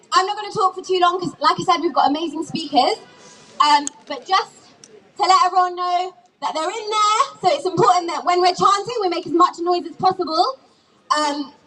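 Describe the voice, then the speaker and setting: A woman with a very high, bright voice leads chants at an outdoor street protest, shouting call-and-response lines to rally the crowd. She is heard from a distance, with a faint crowd around her. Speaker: rally host. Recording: distant mic with crowd noise.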